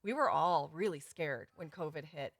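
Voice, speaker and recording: A woman with a low voice speaks at normal speed in a dry recording, hosting a casual livestream for her students. She's a course host running a live giveaway, chatty and effusive, laughing often as she talks to viewers.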